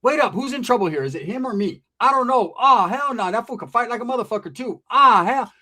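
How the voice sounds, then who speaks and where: A man's voice: very high-pitched, fairly quick. A man telling a comedic storytime monologue, profane and slangy, acting out the people in it. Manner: profane, slangy and animated, acting out quoted voices.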